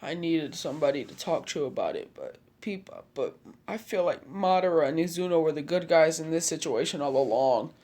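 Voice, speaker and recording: A man's voice: fairly high pitch, expressive, brisk, hardly any pauses, a little mellow. A man voicing an earnest, emotional young boy ninja in a fan fiction reading. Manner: earnest, heartfelt.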